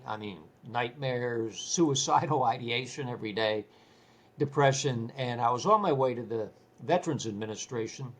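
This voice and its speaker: Older male guest, husky, animated storyteller who repeats his words. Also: medium pitch. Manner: animated, repeats words while telling stories. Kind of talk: casual storytelling interview.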